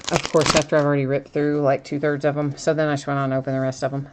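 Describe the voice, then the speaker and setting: A woman's voice: low voice, a little hiss or hum. A woman hosting a live card break, chatting casually as she opens packs and reads out each card.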